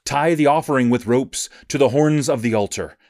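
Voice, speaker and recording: A man reading scripture aloud in a measured, even reading cadence. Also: mid-range voice, dry recording, studio quality. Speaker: scripture reader.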